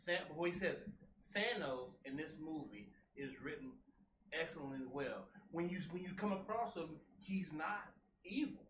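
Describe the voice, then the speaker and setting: Bright-voiced excitable man. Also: a little high, normal speed. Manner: excitable, repeats himself, jumps in over his co-host. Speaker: podcast co-host. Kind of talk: casual movie recap chat. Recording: echoey room with faint hum.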